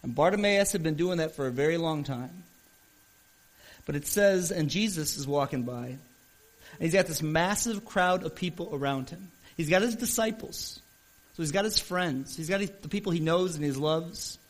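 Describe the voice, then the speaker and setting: A man with a rather high voice preaches a sermon to his congregation. He talks earnestly, telling a story, speeding up and slowing down and swelling in loudness as he makes his point. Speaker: pastor.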